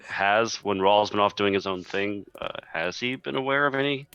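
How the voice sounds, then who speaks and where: A man playing a tabletop game, speaking in a hesitant, measured way. His voice sits low but sounds bright, the recording is a little dull, and faint music plays behind him. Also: clean tone, no echo. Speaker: player.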